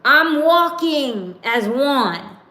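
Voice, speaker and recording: A woman's voice: high-pitched, animated, very slow, sharp tone, echoey room, pitched above the performer's own voice, heavily acted. A woman voicing Jesus as an exasperated grown man, speaking in a raised, emphatic, pleading way during a sermon. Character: exasperated adult man, Jesus, carrying divine glory.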